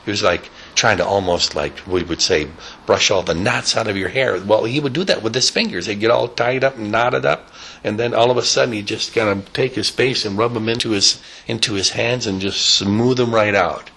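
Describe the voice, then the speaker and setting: A man telling a rambling, improvised story, animated, with sound effects and casual asides. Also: on the low side, normal speed, creaky, breathy edge.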